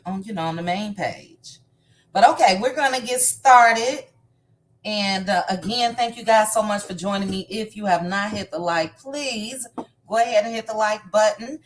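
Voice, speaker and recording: A woman hosting a casual live stream, greeting viewers one by one by name in a chatty, upbeat way. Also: medium pitch. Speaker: livestream host.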